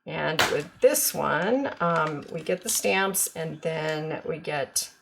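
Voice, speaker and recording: A woman's voice: low voice, slow, vocal fry, background noise. A woman demonstrating craft products in a casual, chatty show-and-tell, full of ums and gushing over cute designs.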